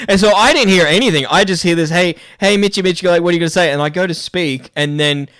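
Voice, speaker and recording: Dude hosting a stream, crude and sweary, laughs a lot, dry close mic. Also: male voice, a little high, quick pace, fairly bright tone, no echo. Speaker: podcast host. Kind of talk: casual chat.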